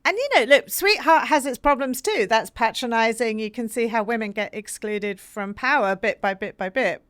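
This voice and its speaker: A woman from Britain, an author guest in a podcast interview, talking earnestly with many fillers and animated storytelling. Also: on the high side, moderate pace, no echo, clean studio sound.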